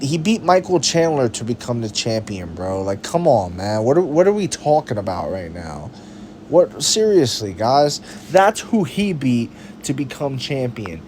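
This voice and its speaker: A man's voice: mid-range voice, dark tone, a little hiss or hum, rough recording. A man giving casual, argumentative opinion commentary on combat sports, full of slang and rhetorical questions. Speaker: MMA commentary host.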